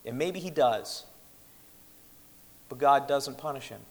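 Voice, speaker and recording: A man preaching a sermon in an earnest, measured way, slowing down to stress the scripture he quotes. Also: medium pitch. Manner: earnest, measured, with slowed emphatic quotations. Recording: reverberant hall.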